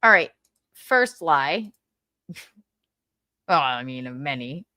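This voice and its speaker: A woman's voice: sits low, takes it slowly, dry recording. Laughing, mocking woman host. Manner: animated, swearing, mocking, laughing often. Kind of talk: casual gossip commentary on a livestream.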